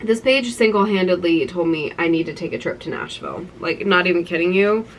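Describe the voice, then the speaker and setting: A young woman in her twenties, a vlogger, shows off her keepsake collection in a casual show-and-tell vlog, gushing nostalgically and saying "like" a lot. Her voice sits on the low side and moves fairly quickly. The low-quality recording carries a little hiss or hum.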